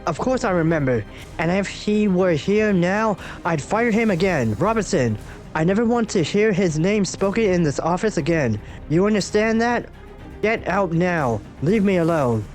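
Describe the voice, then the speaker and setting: A man performs a blustering middle-aged newspaper publisher who shouts and hurls insults at everyone, read aloud from a comic. His pitch sits high and climbs as he rants, with faint music behind. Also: expressive, moderate pace. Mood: angry, blustering.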